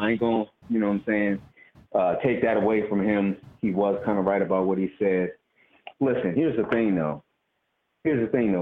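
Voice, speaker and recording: A male caller from Baltimore in casual call-in chat, talking in a profane, heated, storytelling way. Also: on the low side. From Baltimore, USA. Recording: lo-fi call with faint noise.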